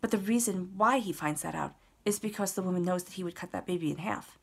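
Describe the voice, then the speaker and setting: A woman with a fairly low voice gives a casual spoken tarot reading. She talks straight to her listener in an earnest way and hammers points home by repeating words. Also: quick pace, creaky, slightly rough. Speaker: tarot reader.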